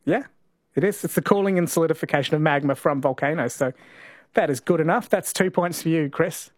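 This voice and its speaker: A man's voice: a little high, a little fast, dry recording, studio quality. A man hosting a talkback radio show, running a quiz with callers in a playful, chatty way and laughing easily. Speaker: radio host. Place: radio studio.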